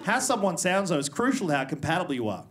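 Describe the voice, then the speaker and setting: A man with a fairly high, sing-song voice rattles quickly through a stand-up set, swearing and loudly working the crowd on a handheld stage mic. Crowd noise fills the live club recording.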